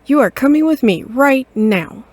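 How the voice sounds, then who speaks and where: A woman voicing a bossy, loud mother cat who scolds her grown son in a game. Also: lowish voice, sing-song, extremely slow, no echo, full character voice. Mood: scolding. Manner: shouting, scolding, indignant. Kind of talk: game voice acting.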